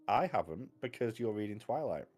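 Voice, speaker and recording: A man's voice: fairly low pitch, animated, fairly quick, a little mellow. A man chatting casually as a book channel host, rambling and wry, cutting himself off mid-sentence. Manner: rambling, self-interrupting, wry. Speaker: booktube host. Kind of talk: casual chat.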